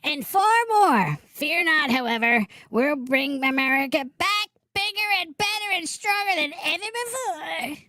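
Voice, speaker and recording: A man putting on a high, squeaky parody of a blustering politician reading a post, stumbling over words. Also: lively intonation, measured pace, few pauses, bright, forceful tone, no room sound, heavily acted. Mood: bombastic.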